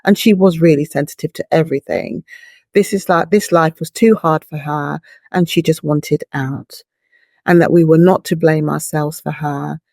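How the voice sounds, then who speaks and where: A woman's voice: low voice, steady tone, normal speed, vocal fry, darkish tone, no room sound, clean studio sound. A middle-aged woman speaking as a guest in an interview, earnest and heartfelt, explaining her thoughts through long, patient images. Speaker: bereaved mother, guest. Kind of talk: reflective interview talk.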